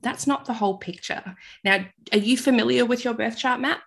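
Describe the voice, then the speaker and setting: A woman's voice: fairly high pitch, fairly quick, gravelly, a bit bright, breathy edge. An Australian woman hosting a podcast interview, bubbly and giggly, chatting casually with her guest. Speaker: podcast host.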